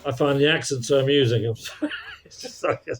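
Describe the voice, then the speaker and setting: A man's voice: mid-range voice, sing-song, a little hiss or hum. Man, casual co-host, self-mocking, stop-start delivery. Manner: self-deprecating, halting restarts, laughs often. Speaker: podcast co-host. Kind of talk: casual chat on a call.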